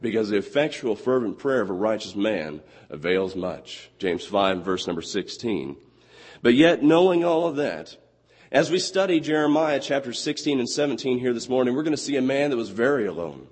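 A man in his twenties preaching a sermon with a hoarse, husky voice he has partly lost, reading scripture slowly and deliberately. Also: mid-range voice, lively intonation, a little mellow. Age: 20s. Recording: long hall reverb.

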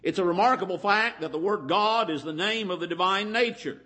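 Male preacher, high tense voice, deliberate emphatic sermon reading. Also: pushed and bright. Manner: deliberate, stretches key words slowly. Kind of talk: Bible lesson sermon.

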